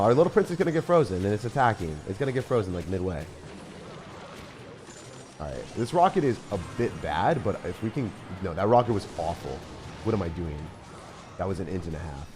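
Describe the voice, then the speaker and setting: A man streaming a mobile strategy game live, commentating his matches in an excitable, chatty way and talking to his viewers. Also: deep voice, fairly quick, pauses often, noisy background. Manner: animated, excitable, talks to chat. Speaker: gaming streamer. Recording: faint music behind.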